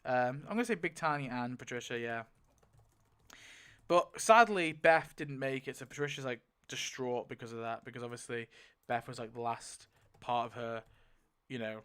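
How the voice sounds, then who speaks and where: A man's voice: medium pitch, normal speed, a bit bright, clean tone. A young man giving casual commentary as he spins a wheel to pick story outcomes, rambling with lots of filler and frequent swearing. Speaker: video creator.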